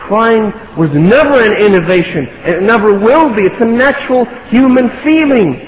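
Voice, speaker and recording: A man's voice: high-pitched, lively intonation, normal speed, slight background noise. A man preaching a sermon, impassioned, building to pleading rhetorical questions. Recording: echoey hall, dull lo-fi sound.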